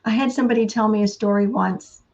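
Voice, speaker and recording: A woman giving a casual inspirational talk, unhurried and laughing often between thoughts. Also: medium pitch, fairly even intonation, a little mellow, dull audio. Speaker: motivational speaker.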